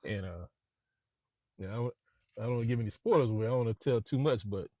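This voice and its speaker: Brief: man, real estate agent, loose chatty vlog rambling, mid pitch, dry close sound in a car. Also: fast, dark tone, no echo. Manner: rambling, repeats words, chatty. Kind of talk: casual vlog monologue. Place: inside a parked car.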